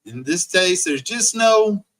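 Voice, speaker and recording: A man's voice: sits high, lively intonation, slow, a bit bright, rough recording. A man ranting profanely on his livestream, mocking rivals over and over and answering chat comments. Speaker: livestream host.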